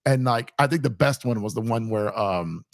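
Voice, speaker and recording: A man's voice: mid-range voice, moderate pace, no echo, clean studio sound. A man hosting a casual post-game chat, rambling and laughing, his voice worn and strained from screaming. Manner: rambling, laughs often, many restarts. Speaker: YouTube channel host.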